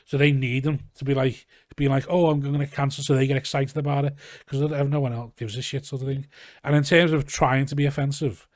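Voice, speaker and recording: A Liverpool man with a Scouse accent, a comedian appearing as a podcast guest, chats casually, rambling and swearing freely. His medium-pitched voice holds a level tone at a fairly quick pace. It's a clean studio sound with no echo, recorded in a garage studio.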